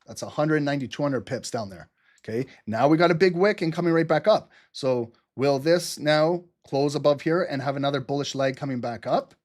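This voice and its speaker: A man hosting a live trading stream, talking fast and excitedly, laughing often and swearing casually. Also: a little high. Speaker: livestream trading host.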